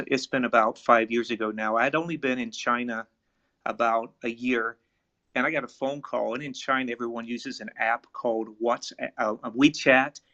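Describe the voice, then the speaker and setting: Gravelly-voiced man telling a personal story. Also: mid-range voice, bright, forceful tone. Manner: earnest, halting, grows emotional. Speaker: charity event speaker. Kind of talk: personal story shared in a live online event. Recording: dull lo-fi online audio.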